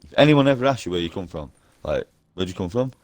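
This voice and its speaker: Deep-voiced guy on a headset in game chat, rambling nonstop, cursing constantly, conspiracy vibes. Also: big pitch swings, fast talker, a little mellow. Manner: nonstop, conspiratorial, heavy swearing. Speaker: stranger in a game voice party. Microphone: gaming headset over online voice chat.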